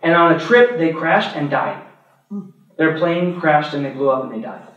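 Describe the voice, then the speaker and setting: A priest with a high, bright voice gives an animated teaching talk, breaking into laughter as he tells stories. He sounds far from the mic in a very echoey church hall. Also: normal speed, lo-fi sound. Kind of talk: adult formation talk.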